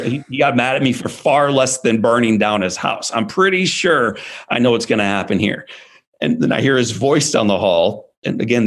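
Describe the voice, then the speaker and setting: A man in his forties telling his life story as an interview guest, emphatic and animated. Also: lowish voice. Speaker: guest speaker.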